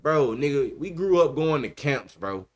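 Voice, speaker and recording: A man's voice: a little high, lively intonation, moderate pace. Emphatic man talking sports on a podcast. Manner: emphatic, repeats himself, says bro a lot. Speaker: podcast host. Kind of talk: casual sports chat.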